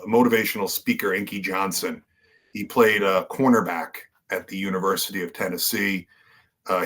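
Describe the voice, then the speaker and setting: A man's voice: fairly low pitch, fairly bright tone. A man, a podcast guest and wrestler, telling his story in earnest conversational style with many fillers and restarts.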